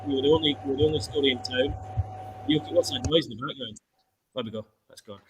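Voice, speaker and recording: A man's voice: mid-range voice, fast, background noise. A male football reporter telling a long story in a casual interview and quoting himself as he goes.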